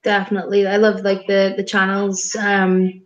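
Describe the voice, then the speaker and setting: A woman interviewing a guest in a casual chat, talking quickly and filling her sentences with "like". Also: mid-range voice, monotone, muffled recording. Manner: chatty, quick, full of "like" fillers.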